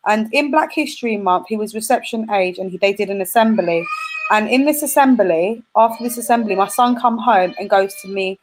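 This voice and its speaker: A woman's voice: on the high side, brisk, background noise. Earnest woman telling a story. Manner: earnest, storytelling, self-correcting. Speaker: panel guest. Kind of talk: casual discussion.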